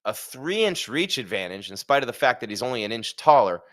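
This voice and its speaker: A man's voice: medium pitch, very animated, fairly quick, fairly bright tone. A man hosting a live fight stream, chatting casually with jokes and rhetorical questions. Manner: reads sponsor ad.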